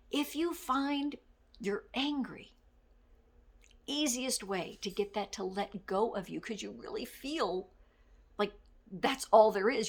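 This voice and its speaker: A middle-aged woman speaks in a casual, motivational way, frank about her own bad moods and quick to laugh at herself. Her voice sits in a middle range with a gravelly edge. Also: mid-range voice. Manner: candid, self-deprecating, with quick laughs. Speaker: life coach.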